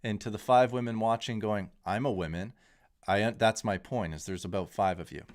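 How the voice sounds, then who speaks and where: A man in his thirties hosts a crypto livestream, speaking casually and candidly in a rambling, opinionated way with frequent restarts. His voice is lowish and his speed normal.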